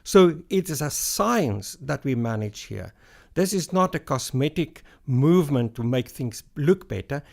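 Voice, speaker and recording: Man, middle-aged, gravelly voice, medical expert, measured explanations, podcast interview. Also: mid-range voice, darkish tone. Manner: measured, explains step by step with analogies. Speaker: hair loss doctor.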